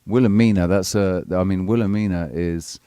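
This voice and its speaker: Low-voiced male host, crude and rambling, dry mic. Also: steady tone, moderate pace, warm tone, smooth, no echo. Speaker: live show host. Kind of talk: casual live panel chat.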